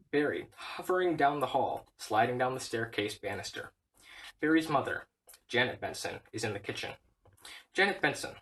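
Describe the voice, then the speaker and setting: A man reading a whole film script aloud, stage directions included, in a flat, steady way. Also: mid-range voice, distant mic, poor audio. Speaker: reader.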